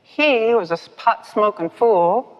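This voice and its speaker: An older woman speaking at a recovery meeting, telling her story in a lively, self-mocking way and laughing often. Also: medium pitch, takes it slowly. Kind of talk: personal storytelling talk. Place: meeting hall with podium. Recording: dull, echoey hall recording.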